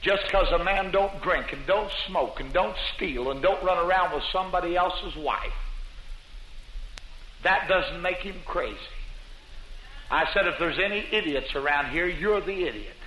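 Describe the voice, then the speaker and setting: Fervent preacher on echoey old tape. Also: male voice, high voice, unhurried, lo-fi sound, slight background noise. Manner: storytelling, builds to fervent shouting. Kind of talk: testimony sermon.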